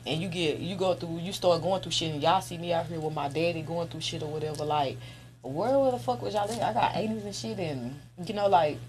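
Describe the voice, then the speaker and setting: A woman's voice: on the low side, fairly quick, darkish tone, a little hiss or hum. A young woman, an interview guest talking candidly in a casual chat, blunt and profane, laughing often.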